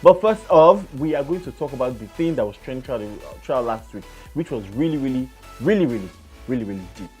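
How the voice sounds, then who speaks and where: A man with a Nigerian accent hosting a radio show, talking in an animated, casual way and repeating words for emphasis. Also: mid-range voice, quick pace, hardly any pauses, faint music behind. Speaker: radio host.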